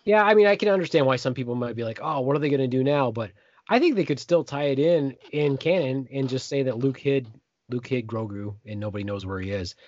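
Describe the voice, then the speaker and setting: A man in casual podcast chat, loud and animated and swearing freely. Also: medium pitch, a little fast. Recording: dull lo-fi dry recording.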